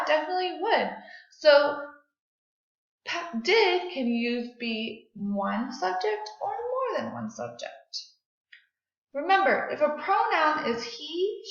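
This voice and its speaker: A woman teaches second graders grammar and phonics, speaking slowly and clearly, in a fairly high voice. She leads the children through drills, asking them to repeat words and clap them out. The lesson is recorded in an echoey room, with a dull, lo-fi sound. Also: fairly bright tone. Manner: slow, clear, encouraging teacher talk with call-and-response drills.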